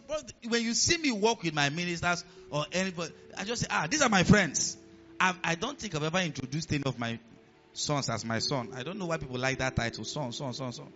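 A Nigerian pastor delivers a sermon in a high, sharply bright voice that swings up and down with energy. He preaches animatedly, slipping into pidgin asides. The recording sounds a little dull, with faint music underneath.

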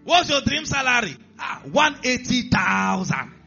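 A Nigerian man preaching a sermon in a church, animated, acting out characters and rising to shouts. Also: very high voice, measured pace, creaky, breathy edge. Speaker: pastor. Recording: dull lo-fi sound, faint music behind.

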